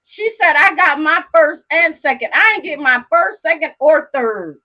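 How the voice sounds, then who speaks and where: Very high, lively, bright-voiced woman streamer. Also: normal speed, highs cut off. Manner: heated, profane, emphatic, repeats herself. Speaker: live stream host. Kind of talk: casual live stream rant.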